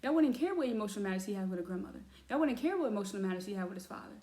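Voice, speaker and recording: Woman, casual oracle card reading, chatty, talks to viewers as y'all, echoey room, mid pitch. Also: expressive, rapid-fire, warm tone. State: has cramps. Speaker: tarot reader.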